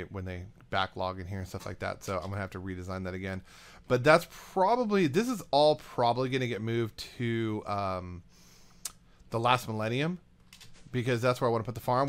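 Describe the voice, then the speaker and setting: Excitable man narrating his gameplay. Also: mid-range voice. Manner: excitable, rambling, talks to game items. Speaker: let's play host. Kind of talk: casual gameplay commentary.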